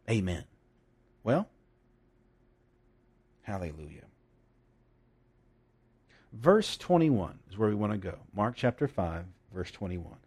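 A man's voice: on the low side, breathy edge. A man preaching a sermon, reading scripture and explaining it emphatically, with jokes and asides.

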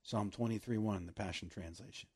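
Husky guy preaching, lively, laughs a lot, drags out the key words. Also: fairly low pitch. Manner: animated, laughing, slowing down to stress scripture. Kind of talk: sermon.

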